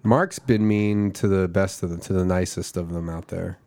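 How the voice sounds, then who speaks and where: A man's voice: deep voice, steady tone, moderate pace, darkish tone. A man hosting a casual podcast chat, teasing and playful.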